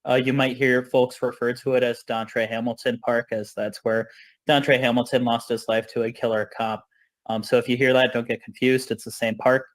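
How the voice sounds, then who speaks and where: A man of middle pitch, briefing protesters on a video call from his home on a busy street. He talks casually, full of "um" and "like", and keeps things loose. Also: little pitch movement, normal speed. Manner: casual, many fillers. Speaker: protest organizer.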